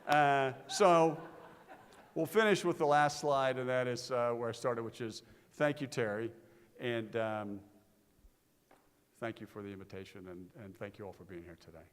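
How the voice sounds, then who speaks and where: A man's voice: medium pitch, normal speed, a little hiss or hum. Earnest middle-aged man speaking in a reverberant hall. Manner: earnest, storytelling, gets animated in anecdotes. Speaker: conference speaker. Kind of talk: conference tribute speech. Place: conference stage in a large hall.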